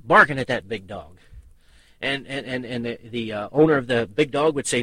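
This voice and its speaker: A man's voice: mid-range voice, fairly quick, a bit bright, slightly rough, dry recording. A man preaching to pastors in a folksy storytelling manner, repeating his key phrases for emphasis. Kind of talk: sermon.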